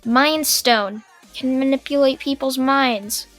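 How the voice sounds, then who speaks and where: A cocky teenage boy with an offhand, confident manner, as a woman puts him on. The voice sits high and moves slowly, with faint music in the background of this fan story reading. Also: a bit bright. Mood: smug.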